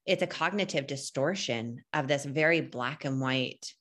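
A woman's voice: very deep voice, moderate pace, a bit bright. A woman in her thirties co-hosting a casual podcast conversation, earnest and reflective. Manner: earnest, reflective, acts out quoted voices. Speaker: podcast co-host.

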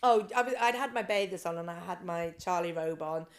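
A woman guest on a podcast, telling her swim story with animated quoted voices. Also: fairly low pitch, brisk. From Britain. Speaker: guest, ice swimmer. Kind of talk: casual interview storytelling.

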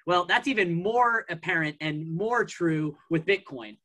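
A man's voice: high voice, unhurried, sharp tone. A man as a podcast guest in casual chat, telling a long story in a rambling way, full of fillers and restarts.

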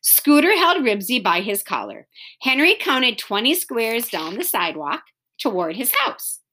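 A woman reads a children's chapter book aloud with expressive storytelling. Her voice is bright and fairly high, and her pitch rises and falls a great deal. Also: unhurried, slight background noise. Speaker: reader.

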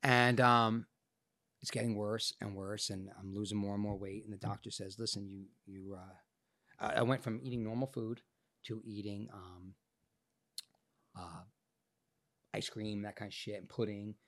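A man, an actor guest on a podcast, telling a story in a profane, animated way, his voice changed by illness. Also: fairly low pitch, moderate pace, pauses often. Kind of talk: casual podcast interview storytelling.

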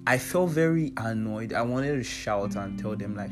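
A young Nigerian-accented man speaks in a low, earnest voice, talking straight to his listeners in a casual heartfelt monologue. He presses his points by repeating them. Clear guitar music plays behind him. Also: expressive, moderate pace, hardly any pauses. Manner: earnest, emphatic, repeats himself for stress. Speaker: vlogger sharing personal advice. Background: soft guitar music.

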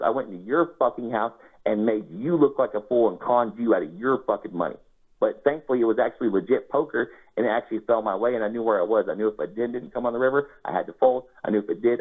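A man telling a casual first-person anecdote, swearing freely and acting out his own quoted lines. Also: on the low side. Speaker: storyteller. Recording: tinny phone-like sound.

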